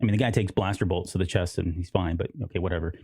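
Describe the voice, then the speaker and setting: A man's voice: low-pitched, fairly even intonation, rapid-fire, mellow, husky, no echo, studio quality. A man co-hosting a podcast, rambling casually and often quoting characters in little voices. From United States. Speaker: podcast co-host. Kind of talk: casual chat.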